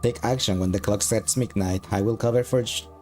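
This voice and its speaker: A bitter male demon soldier full of self-hatred, as a man reads him in his own low voice. He swears constantly in a flat monotone, and faint game music sits underneath. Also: brisk, close to an everyday voice. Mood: commanding. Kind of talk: game dialogue read aloud.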